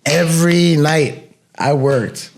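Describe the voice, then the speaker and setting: A man's voice: on the high side, slow pace, vocal fry, a little hiss or hum. Slangy laid-back man telling bar stories. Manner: laid-back, slangy storytelling with bursts of laughter. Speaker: podcast co-host, former bouncer. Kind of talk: casual storytelling chat.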